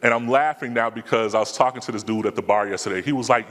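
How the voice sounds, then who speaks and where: A man's voice: medium pitch, lively intonation, racing, few pauses, fairly bright tone. A man speaking casually in slang, answering audience questions at a live talk. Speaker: conference speaker. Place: conference hall. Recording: long hall reverb.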